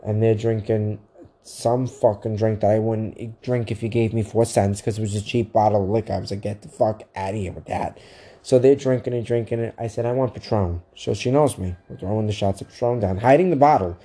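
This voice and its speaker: A man co-hosting a podcast, telling a profane, animated story in casual chat. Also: lowish voice, a little fast. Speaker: podcast co-host.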